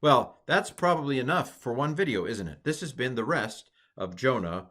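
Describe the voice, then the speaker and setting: A man's voice: medium pitch, animated, normal speed, fairly bright tone. Chatty man teaching a grammar lesson. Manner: casual, chatty explaining with asides and restarts.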